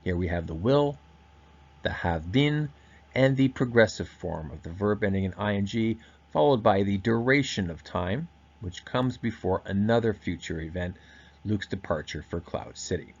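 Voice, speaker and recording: A man giving a recorded grammar lesson, explaining step by step and slowing down to stress key words. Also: lowish voice, animated, slightly rough, lo-fi sound. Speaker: teacher.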